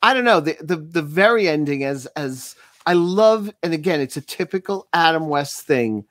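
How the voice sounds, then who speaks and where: A man's voice: a little high, lively intonation, normal speed, fairly bright tone, no room sound, clean studio sound. A man talking about comics and old TV on a podcast, eager, with frequent restarts. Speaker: podcast co-host. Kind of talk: casual comic book discussion.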